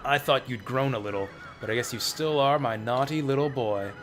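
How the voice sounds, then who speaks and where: A brisk, medium-pitched male voice chats casually while streaming an old role-playing game. He reads the game's text out loud and drops in his own remarks, let's-play style, with faint game music in the background.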